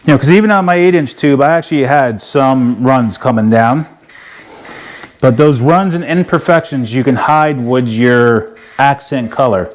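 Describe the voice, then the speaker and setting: A middle-aged man talks through a do-it-yourself job in an easy, unpolished way, stopping and restarting with plenty of fillers. His voice sits at an ordinary pitch for a man. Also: moderate pace. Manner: folksy, rambling, lots of "you know" and "uh". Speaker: DIY video host. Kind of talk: casual how-to walkthrough.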